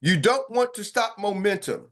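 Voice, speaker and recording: A man hosting a morning sales-training call as coach, talking in an animated, hyped and slangy way with quick asides. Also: high voice. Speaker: sales coach and show host. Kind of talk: energetic motivational team talk.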